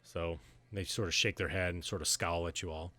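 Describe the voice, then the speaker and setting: Bright-voiced male game master. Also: sits low, steady tone, brisk. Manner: easygoing, many fillers and restarts. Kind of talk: narrating a tabletop game.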